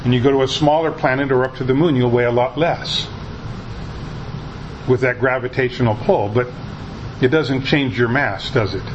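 A man's voice: mid-range voice, moderate pace, pauses often, lo-fi sound, noisy background. A male pastor preaching a conversational sermon, often restarting his sentences as he explains a passage.

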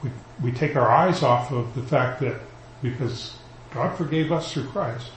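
A male pastor giving a conversational, animated sermon, retelling scripture in everyday language. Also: mid-range voice, unhurried, roomy sound, a little hiss or hum, low-quality recording. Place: church sanctuary.

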